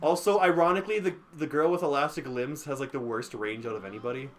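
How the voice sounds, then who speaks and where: A man's voice: fairly high pitch, fast talker, slight background noise. Rambling young man playing a game. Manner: rambling, self-mocking, laughs often. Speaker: let's play host. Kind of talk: casual gaming chat.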